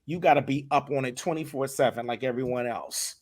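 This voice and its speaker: A man talking as a guest in a casual podcast interview, animated and emphatic, often repeating his words. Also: mid-range voice, brisk. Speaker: voice acting director, guest.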